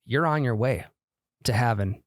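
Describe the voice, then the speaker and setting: Joking podcast co-host, dry close sound. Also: male voice, medium pitch, moderate pace, no echo. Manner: loose, joking, drops into sponsor-read patter. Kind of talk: casual chat with ad reads.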